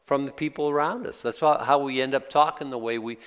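A man's voice: medium pitch, a little fast, fairly bright tone, clean tone. A man with a Boston accent teaching scripture in a folksy, rambling way, often restarting his sentences. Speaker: preacher. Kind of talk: casual Bible teaching. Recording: long hall reverb.

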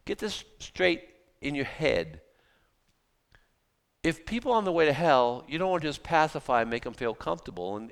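A man preaching a sermon as pastor, talking in an animated, conversational way with mocking asides. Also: a little high, long reverb tail.

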